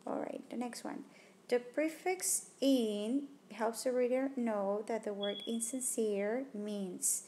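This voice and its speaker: Slow-talking lady teacher going over test answers out loud, kinda high voice, faint hiss behind. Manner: reasons aloud through answer choices, rejecting each one. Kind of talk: test-prep walkthrough lesson. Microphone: tablet microphone.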